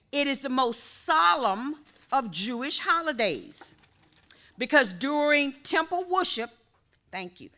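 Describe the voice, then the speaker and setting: A woman pastor delivers a sermon in a high, bright voice. She speaks slowly and deliberately, leading prayer and then teaching with call-and-response.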